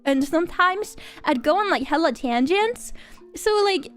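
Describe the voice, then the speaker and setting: A woman's voice: very high voice, expressive, measured pace. A young woman streaming, chatting casually and greeting viewers in a bubbly, giggly, rambling way. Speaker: VTuber streamer. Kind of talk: casual livestream chat.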